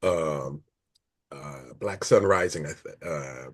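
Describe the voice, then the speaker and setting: A middle-aged author with a bass voice speaks slowly in a casual interview. He tells long, rambling stories, correcting himself and laughing along as he goes.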